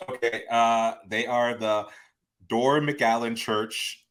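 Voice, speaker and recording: Laid-back young man with a bright tone. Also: mid-range voice, fairly even intonation. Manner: easygoing, laughs a lot, drawn-out fillers. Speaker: podcast co-host. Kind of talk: casual chat.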